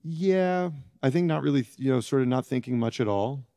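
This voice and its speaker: A middle-aged man giving reflective interview answers, halting and searching for words as he goes. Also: mid-range voice, lively intonation, warm tone, dry recording, clean studio sound. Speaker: interview guest, former prisoner.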